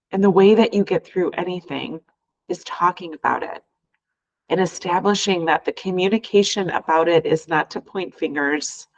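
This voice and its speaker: A woman's voice: fairly low pitch, poor audio. A woman hosting a podcast as a life coach, talking earnestly and from the heart in long, flowing sentences. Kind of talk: reflective podcast monologue.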